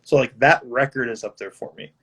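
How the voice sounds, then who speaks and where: A man's voice: mid-range voice, brisk, pushed and bright, breathy edge. A man, a guitarist guest, talking casually on a video call, laid-back, laughing often and swearing now and then. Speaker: guest musician. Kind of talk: casual chat over live video.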